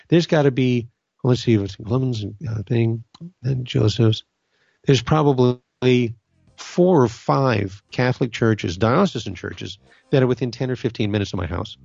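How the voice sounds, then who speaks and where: A middle-aged man from Southern California talks about faith in an earnest, conversational way, often doubling back and restarting his sentences. His voice has a gravelly edge. The recording is dry and a little dull. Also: mid-range voice, a little mellow, no echo. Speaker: Catholic podcast host. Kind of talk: casual spiritual talk.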